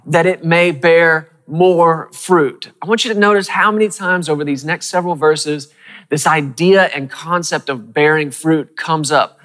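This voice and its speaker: Emphatic preacher in a reverberant hall. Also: male voice, on the high side, a bit bright. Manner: emphatic, repeats key phrases, asks the audience questions; reads scripture slowly and deliberately. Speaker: pastor. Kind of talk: sermon.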